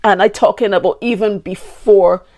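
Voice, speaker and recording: A woman's voice: mid-range voice, fairly even intonation, moderate pace, mellow. A woman from Barbados with a Bajan accent, hosting a podcast and sharing her ancestry in an emotional, heartfelt way. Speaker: podcast host. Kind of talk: personal heritage talk.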